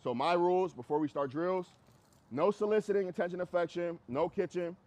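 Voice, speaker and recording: A man's voice: high voice, a little fast, a little mellow. Blunt, casual male dog trainer. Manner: blunt, conversational, repeats phrases for emphasis. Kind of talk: group class instruction outdoors.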